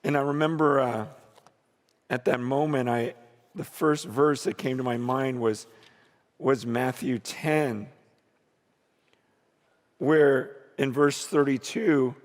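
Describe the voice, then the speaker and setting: A man preaching and telling a story, dropping to hushed low lines and rising to loud emphatic peaks. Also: slow, pauses often. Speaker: pastor. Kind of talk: sermon storytelling. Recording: reverberant hall.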